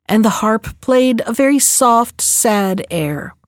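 Woman storybook narrator, raised pitch, measured, dry close mic. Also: animated, dry recording.

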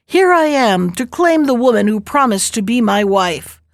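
A stern male turtle chief from a storybook, proud and quick to suspect a trick, as a woman reads him. His voice swings widely through each line. The sound is close and dry. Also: fairly high pitch, very animated, no echo. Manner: stern and suspicious.

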